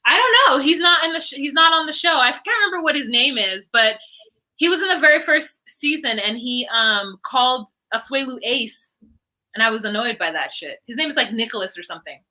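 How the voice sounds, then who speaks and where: A woman's voice: high voice, animated, fairly quick, bright, forceful tone, low-quality recording. A woman co-hosting a casual reality TV recap show, opinionated and blunt. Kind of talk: casual chat.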